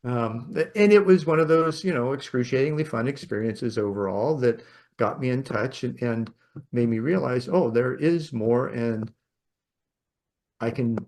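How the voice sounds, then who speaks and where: A man hosting a podcast, telling a personal story in a rambling, reflective way with soft laughs. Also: medium pitch. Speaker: podcast host. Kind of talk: reflective storytelling in casual conversation.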